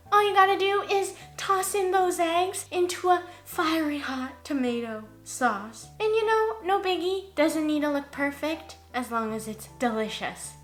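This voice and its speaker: A woman's voice: high-pitched, a bit bright. A woman hosting a cooking video in a casual, playful, jokey way, with sing-song asides. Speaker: cooking show host.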